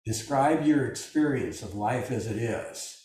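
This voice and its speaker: A man's voice: mid-range voice, expressive, a little slow, a little mellow. An older man leading a meditation group over a video call, talking in a loose, musing way with many fillers. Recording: very echoey room, distant mic.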